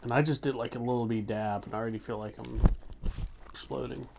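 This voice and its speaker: A man's voice: medium pitch, steady tone, fast, creaky, background noise. A man with an American accent, co-hosting a casual podcast, joking and laughing often while eating hot sauce. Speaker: podcast co-host.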